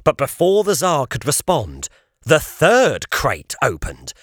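A man narrating a children's audiobook at a slow, deliberate pace. His pitch moves a lot as he tells the story. The recording is dry and close, with no room sound. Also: no room sound. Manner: measured, expressive storytelling.

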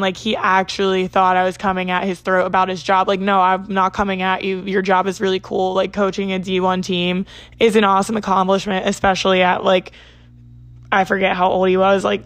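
A young woman chats through a personal story in a casual, rambling way, leaning on "like" as she goes. Her voice sits in a middle pitch range. The sound is close and dry, with no room echo. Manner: chatty, says "like" a lot. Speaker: vlogger.

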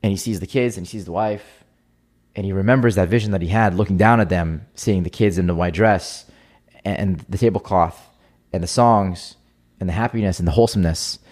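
Young adult man, earnest, reflective, podcast guest, casual conversation, low pitch. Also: a little fast, darkish tone.

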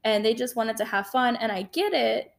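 A young woman co-hosting a podcast, telling a personal story in a casual, animated way. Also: on the high side, moderate pace, gravelly. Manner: animated, lively retelling with acted-out quotes. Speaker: podcast co-host.

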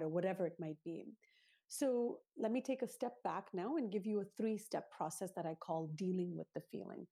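A woman's voice: on the low side, normal speed, mellow, slightly rough. A woman, a parenting author being interviewed, explaining ideas in an earnest, teacherly way, setting them out step by step. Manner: earnest, teacherly, lays out steps.

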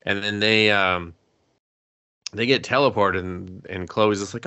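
A man co-hosting an anime podcast in loose, profane chat, slipping into quoted character voices as he recaps. His voice sits low with a gravelly fry. The tone is bright and forward. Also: steady tone, moderate pace, dry recording. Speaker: podcast host. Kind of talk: casual anime review chat.

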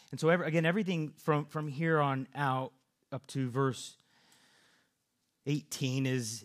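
Male preacher, earnest sermon delivery, frequent restarts. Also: mid-range voice. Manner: earnest, repeats words and restarts often.

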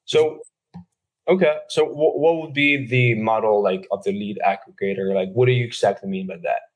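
Podcast host guy, kinda low voice, rambly casual questions with lots of likes and uhs. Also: moderate pace. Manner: loose, rambling questions full of fillers.

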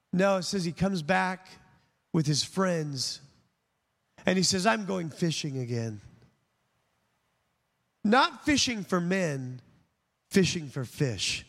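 Slow gravelly pastor guy preaching, voice sits high, long hall echo. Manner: emphatic preaching with rising and falling delivery. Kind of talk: sermon. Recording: long reverb of a large hall.

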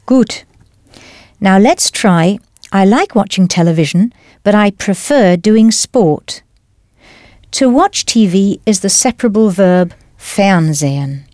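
A woman teaching a language lesson in scripted narration, explaining patiently and clearly step by step. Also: medium pitch, lively intonation, slow, a little mellow, no room sound, studio quality.

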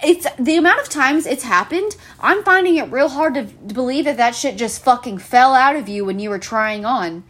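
A woman's voice: sits high, lively intonation, normal speed, hardly any pauses, a bit bright. Sarcastic, swearing young woman ranting. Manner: exasperated, profane, sarcastic ranting. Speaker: podcast host. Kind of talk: solo ranting podcast.

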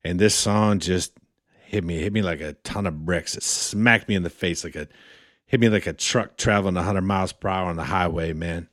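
Deep-voiced laid-back podcast guy. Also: normal speed, no echo, clean studio sound. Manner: laid-back, peppers speech with "man" and "dude". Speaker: podcast co-host. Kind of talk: casual podcast banter.

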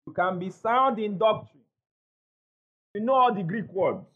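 A man preaches to his congregation. His voice sits high and swings widely as he drives home each point, repeating lines and calling for answers. The sound is slightly dull and muffled. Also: expressive, slow. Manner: emphatic preacher, repeats key phrases, call-and-response with congregation. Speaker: pastor. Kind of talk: sermon. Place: church hall before a congregation.

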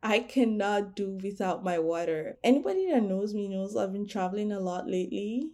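A woman's voice: medium pitch, lively intonation, moderate pace, darkish tone. A young woman hosting her own podcast, chatting casually about herself with lots of "like" fillers and easy laughs. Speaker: podcast host. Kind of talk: casual solo podcast chat.

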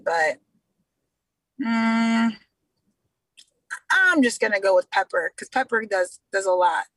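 Young American woman, bubbly guest, high bright voice, dry close sound. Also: dry recording, low-quality recording. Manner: bubbly, effusive. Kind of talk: casual chat.

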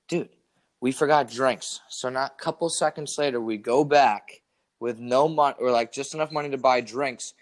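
A young man telling a story in casual chat, animated and profane, full of "dude" and "like". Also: mid-range voice, moderate pace.

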